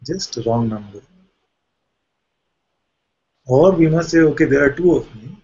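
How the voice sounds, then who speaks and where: Man, spiritual teacher, satsang talk, husky voice, playful questions, dull lo-fi recording. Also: on the high side, animated, measured pace, darkish tone. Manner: playful, questioning, jokes about the mind.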